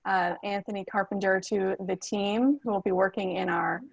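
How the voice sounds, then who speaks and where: A woman's voice: mid-range voice, fairly even intonation, moderate pace, vocal fry, breathy edge, no room sound, dull audio. A woman making an announcement for her company, hesitant and full of filler words. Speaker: company representative. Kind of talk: announcement at online graduation. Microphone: video call.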